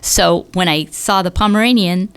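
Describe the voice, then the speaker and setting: A middle-aged woman from Northern California tells rambling stories in a casual interview. Her voice is low and gravelly, and she jumps up high when she acts out what other people said. The sound is close and dry, with no room around it. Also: moderate pace, dry recording. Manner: chatty storyteller who acts out quoted voices with big pitch jumps. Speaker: podcast guest, yoga business founder.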